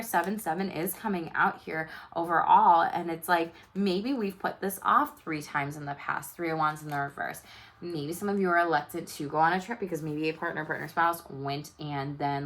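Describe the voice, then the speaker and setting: A woman's voice: fairly low pitch, fairly bright tone. A woman doing a casual tarot reading, chatty and loose, full of fillers and the odd swear word. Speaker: tarot reader.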